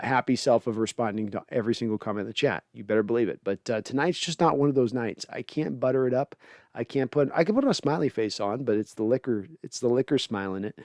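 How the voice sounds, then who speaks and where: A man's voice: medium pitch, a little mellow, no echo, studio quality. A man hosting a casual post-game reaction livestream, rambling and sardonic as he vents and thanks donors. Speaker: podcast host.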